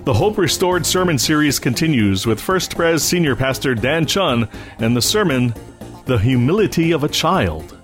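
Expressive male announcer over soft music. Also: a little high, normal speed. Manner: expressive, swooping delivery. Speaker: program announcer. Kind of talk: scripted broadcast introduction. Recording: voice-over with faint music behind.

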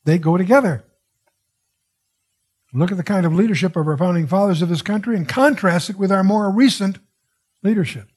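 A man teaches through a Bible passage, his voice husky and pitched a little high. He muses as he goes, drifting into asides and circling back with restarts. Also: fairly quick, long pauses, darkish tone. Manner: digressive, musing, frequent wows and restarts.

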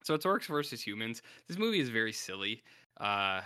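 A man's voice: on the low side, sing-song, brisk, pushed and bright, clean tone, dry recording, studio quality. A man co-hosting a podcast in a casual, rambling chat, laid-back and sometimes swearing. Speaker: podcast co-host.

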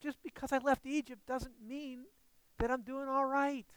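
A man puts on a self-assured wanderer with a high, strained voice who keeps justifying himself. The tone is smooth and close, with a dry sound. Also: little pitch movement, normal speed, fairly bright tone, no echo. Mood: smug.

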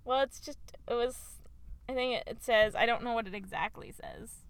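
A woman's voice: on the high side, moderate pace, gravelly, slight background noise. A woman co-hosting a podcast, bantering casually and giggling inside a parked car. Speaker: podcast co-host. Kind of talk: casual chat.

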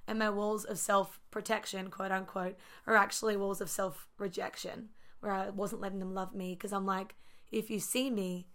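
A woman's voice: medium pitch, flat delivery, normal speed, a bit bright. Woman, casual talker, reflective storyteller, plenty of fillers and quoted dialogue. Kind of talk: casual conversation.

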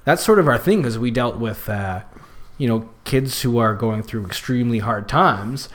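A man's voice: mid-range voice, expressive, normal speed. A man guest on a podcast, chatting casually and rambling with lots of fillers and restarts. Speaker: podcast guest, youth circus worker. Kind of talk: casual chat.

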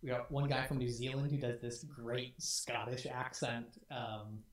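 A man's voice: medium pitch, flat delivery, a little slow. A man co-hosting a community stream, talking casually and enthusiastically with many restarts. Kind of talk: casual chat. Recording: echoey room.

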